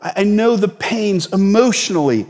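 A man's voice: high voice, lively intonation, normal speed, a little mellow, long reverb tail. A male pastor preaching a sermon in a conversational, storytelling way with sudden bursts of emphasis.

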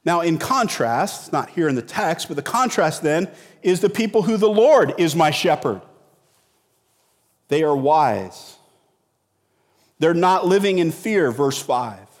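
Middle-aged male pastor, chatty sermon, fairly high voice, long hall reverb. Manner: conversational, repeats words, asks rhetorical questions.

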